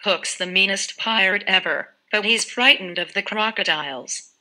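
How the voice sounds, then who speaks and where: Brief: adventurous boy hero, storybook read by a woman narrator, very bright voice. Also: medium pitch, normal speed. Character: boy Peter Pan, bold and playful.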